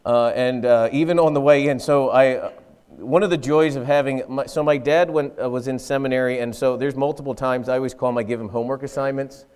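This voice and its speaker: A man preaching a sermon as pastor, in a conversational style, full of rhetorical questions and quick acted-out asides. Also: mid-range voice, steady tone, darkish tone, clear, resonant tone.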